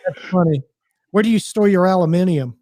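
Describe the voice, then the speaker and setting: A male podcast co-host who talks in halting bits and restarts his sentences. His voice is a little high for a man, and the sound is dry and close. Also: warm tone, no room sound. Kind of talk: casual podcast banter.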